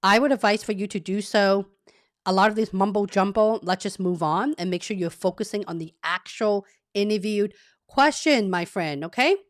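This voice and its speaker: A woman's voice: medium pitch, moderate pace. A woman runs a casual live coaching stream, answering chat questions in an upbeat, talkative way and checking in with listeners. Her voice sits in a middle range. It is recorded close and dry, with no room echo. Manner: chatty and upbeat, with frequent "okay?" check-ins.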